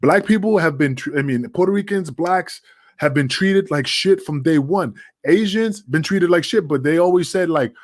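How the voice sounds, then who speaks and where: This man talks in a loose, profane podcast chat, telling stories in an animated way and acting out the people in them. His voice sits a bit higher than most men's, and he hammers his points home with emphasis. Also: normal speed. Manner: animated storyteller who acts out voices; swears freely, emphatic. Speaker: podcast guest, wrestler.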